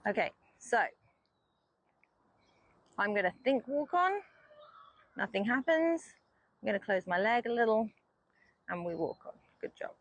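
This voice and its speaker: A woman riding instructor explaining riding technique calmly and patiently from horseback. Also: a little high, unhurried, long pauses, no room sound, lo-fi sound. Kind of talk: explanatory lesson while riding.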